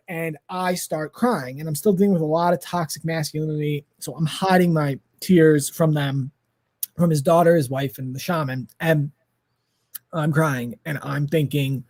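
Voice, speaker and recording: Husky-voiced man in his thirties telling a story. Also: a little high, moderate pace. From United States. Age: 30s. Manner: lively, laughs often, swears freely. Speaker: podcast guest. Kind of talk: animated storytelling in casual chat.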